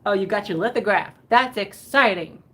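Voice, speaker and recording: A woman's voice: medium pitch, moderate pace, sharp tone. A woman hosting a live online vintage sale in a casual, chatty, giggly way that rambles. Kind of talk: casual live selling chat. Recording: faint background noise.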